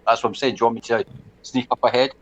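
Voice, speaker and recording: Male player, casual and joking, inquisitive, average pitch. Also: level tone, rapid-fire, a bit bright, low-quality recording. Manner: chatty, joking, asks many questions. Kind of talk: casual tabletop game play.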